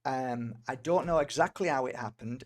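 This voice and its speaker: A man's voice: medium pitch, moderate pace. A middle-aged man from Britain, an energy healer, telling a personal story in a rambling way, with many fillers and restarts. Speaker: energy healer and tarot reader.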